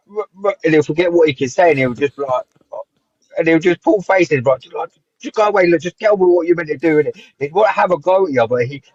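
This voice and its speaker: A man as a guest, telling stories in a lively casual way and acting out what others said. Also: fairly high pitch, breathy edge, no room sound, dull audio. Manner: animated storytelling, acts out quotes, frequent "like". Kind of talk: casual reminiscing chat.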